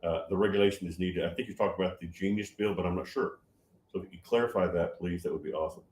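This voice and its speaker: An older man in his seventies talks through viewer comments on his stream. He gets loud when he's excited and often stops to restart his sentences. His voice sits a bit low, and the room around him echoes. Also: quick pace, slight background noise. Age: 70s. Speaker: livestream host answering chat. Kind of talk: casual livestream talk.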